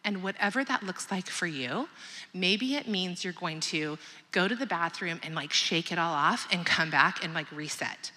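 A woman's voice: fairly low pitch, normal speed, sharp tone. A woman in her thirties giving a candid, conversational motivational talk to a mothers' group, often asking the audience questions. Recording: long hall reverb.

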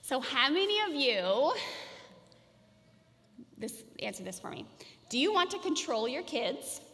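Woman, high voice, casual parenting workshop talk, lots of "like", long hall reverb. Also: big pitch swings, unhurried, fairly bright tone. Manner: casual, chatty, many "like" and "you guys". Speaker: parenting educator.

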